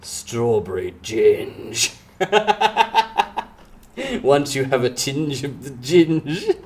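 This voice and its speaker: Man, live streamer, casual chat, playful teasing, giggly, slightly high voice, unhurried. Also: big pitch swings. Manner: giggly, breaks into frequent laughter.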